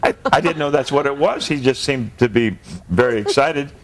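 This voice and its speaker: A man's voice: medium pitch, moderate pace, a little hiss or hum. A man as a guest in a casual comedy chat, telling an anecdote and acting out the quotes. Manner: animated anecdote teller, acts out quotes.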